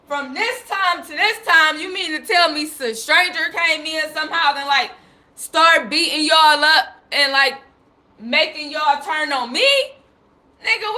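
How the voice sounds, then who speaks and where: A woman's voice: high-pitched, bright, forceful tone. A woman speaking on a live stream in an emphatic, rambling, profane monologue. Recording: echoey room.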